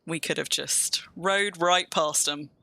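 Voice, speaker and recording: Low, gravelly, bright and forceful, this woman's voice fills a casual game stream where she rambles and cheerfully pokes fun at herself. She's from England and speaks near-standard English with a slight Kentish twang.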